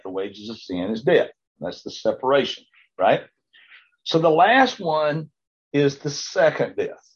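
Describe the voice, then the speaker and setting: A man leads an informal Bible class in a husky voice, stumbling over repeated words and often checking in with his listeners. The recording sounds dull and lo-fi. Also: medium pitch. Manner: rambling with frequent stammered restarts and check-ins to the class.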